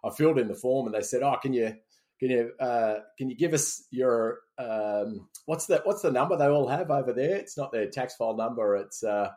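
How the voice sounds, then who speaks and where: A man's voice: mid-range voice, moderate pace, dark tone. An Australian man in his forties, co-hosting a podcast and telling rambling, self-mocking stories in casual chat. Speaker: podcast co-host.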